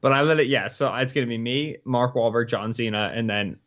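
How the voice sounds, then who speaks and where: A man's voice: mid-range voice, steady tone, a little fast, a bit bright. A man co-hosting a casual podcast, talking loosely with lots of fillers. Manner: loose, rambling, heavy on fillers. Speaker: podcast co-host. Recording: slightly muffled, lo-fi.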